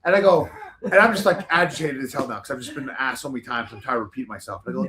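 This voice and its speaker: A man's voice: mid-range voice, very fast, pushed and bright. A man as a podcast guest telling a long, rambling story in casual chat, swearing freely.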